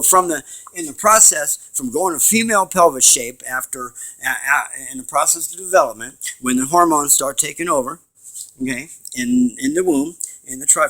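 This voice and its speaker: A man giving a rambling home video lecture, emphatic and swinging from loud to quiet. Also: on the high side, poor audio.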